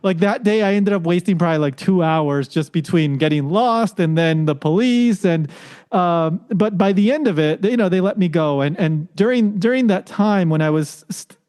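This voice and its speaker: A man's voice: normal speed, clear, resonant tone. A man from the United States, a podcast guest telling a story in casual chat and acting out the voices of the people he met. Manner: animated, acts out quoted voices with rising pitch.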